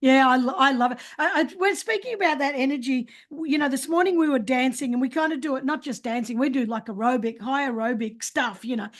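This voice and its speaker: A woman in her sixties hosting an interview, talking in an emphatic, animated way with frequent restarts. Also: high voice, a little fast, hardly any pauses. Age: 60s. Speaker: podcast host. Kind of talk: casual interview chat.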